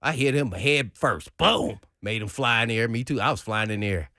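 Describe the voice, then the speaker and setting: A man's voice: lowish voice, fairly quick, no room sound, studio quality. A man, a radio co-host and former football player, talking sports casually and acting out quotes with frequent laughs. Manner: animated storyteller, laughs often, acts out quotes. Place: radio studio.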